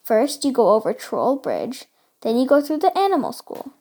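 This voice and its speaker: A woman's voice: sits high, wildly swooping pitch, normal speed, mellow, exaggerated voice. A woman reading the lines of a helpful talking map in a storybook, giving directions plainly. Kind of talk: storybook read-aloud.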